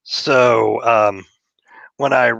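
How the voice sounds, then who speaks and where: A man's voice: mid-range voice, fairly even intonation, very slow, gravelly, a bit bright, no echo, lo-fi sound. A man from Texas, a comic creator guest, talking in a laid-back, rambling way with frequent fillers. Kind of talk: casual interview chat.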